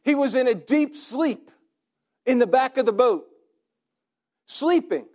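A man with a strikingly high voice delivers a sermon. He asks rhetorical questions and stacks up repeated phrases in a steady, rhythmic preaching cadence. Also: takes it slowly.

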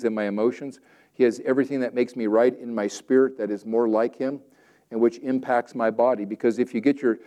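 Preaching at medium pitch, this male pastor alternates between forceful, booming proclamations and soft asides that sound like conversation.

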